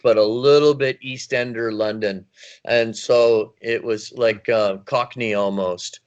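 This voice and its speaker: Animated, rambling man, voice actor guest. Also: medium pitch, unhurried. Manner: animated, rambling, laughs often. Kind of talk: casual interview chat.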